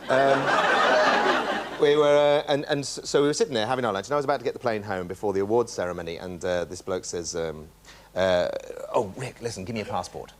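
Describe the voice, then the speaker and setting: A middle-aged man, a guest on a talk show, telling comic anecdotes with exuberant, animated energy. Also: lowish voice, fast talker, slight background noise. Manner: exuberant, animated storyteller with bursts of excitement.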